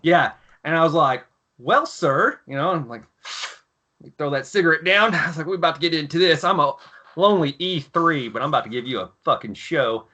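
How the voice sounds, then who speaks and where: Ex-marine guy in his 30s swearing thru army stories, bright crisp tone. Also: fairly high pitch, a little fast. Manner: profane, animated war-story telling. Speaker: podcast guest, former Marine. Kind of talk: casual storytelling chat.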